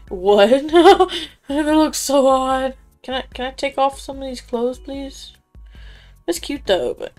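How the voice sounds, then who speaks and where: A young woman chatting her way through a first play of a game, her voice sitting a little high. She laughs often, reads the on-screen dialogue aloud and swears casually, with faint music running underneath. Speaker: gaming YouTuber. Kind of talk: casual gameplay commentary.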